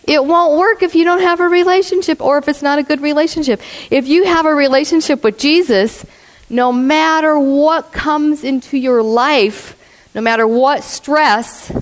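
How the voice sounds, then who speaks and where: A woman's voice: high-pitched, moderate pace, rough recording. A woman preaching a sermon to a congregation. She asks the listeners questions, laughs often and acts out the voices in her stories. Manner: acts out quoted voices in a storytelling way.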